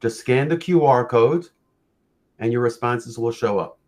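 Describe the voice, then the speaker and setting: Man giving a measured presentation. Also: mid-range voice, a little mellow. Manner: measured, storytelling, occasional fillers and restarts. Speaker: orofacial pain practitioner presenting. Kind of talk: presentation lecture.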